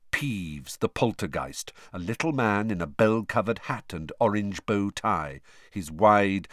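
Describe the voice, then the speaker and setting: Male storybook narrator, low voice, lively intonation, dry close recording. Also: dry recording. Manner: expressive, measured reading. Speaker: audiobook narrator.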